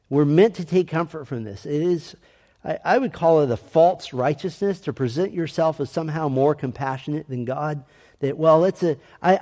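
A man teaching an adult Sunday school lesson, asking earnest, emphatic questions and reading scripture aloud slowly. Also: on the high side, dark tone, in a large hall. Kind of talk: Bible lesson.

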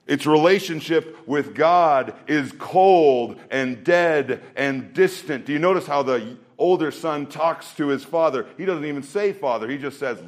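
A man's voice: fairly high pitch, moderate pace, few pauses. A man preaching a sermon, earnest and emphatic, who repeats phrases for weight. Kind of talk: sermon with scripture reading.

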